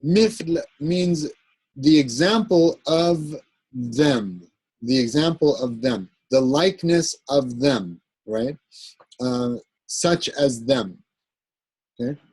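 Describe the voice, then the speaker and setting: Guy teaching grammar, raspy voice, stops and starts a lot, keeps saying right?. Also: mid-range voice, lively intonation, a little mellow, no echo, poor audio. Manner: explanatory, checks in with "right?"; halting, with fillers and self-corrections. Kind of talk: classroom lecture.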